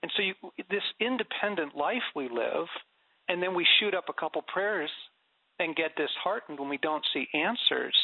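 A man's voice: a little high, sing-song, moderate pace, gravelly, husky, no echo. A middle-aged man talking animatedly about prayer as an interview guest, telling stories and laughing often. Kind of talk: conversational faith interview. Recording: dry, phone-like radio sound.

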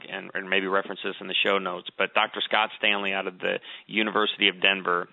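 A man's voice: on the low side, vocal fry, dry recording. A middle-aged man giving earnest advice, telling stories with emphasis in a conversational talk. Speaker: guest author. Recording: tinny phone-like line.

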